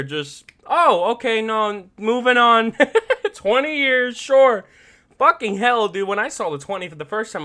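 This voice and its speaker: Bright, animated profane podcast man. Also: smooth. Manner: animated, profane, laughing often, swings from loud excitement to low earnest tones. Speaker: podcast host. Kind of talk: casual solo podcast commentary.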